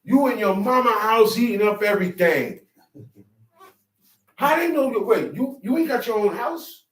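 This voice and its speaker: A man's voice: extremely high pitch, animated, moderate pace, roomy sound, far from the mic, poor audio. A man preaching a sermon in an emphatic, streetwise manner, drawing call-and-response from his listeners. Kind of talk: sermon teaching.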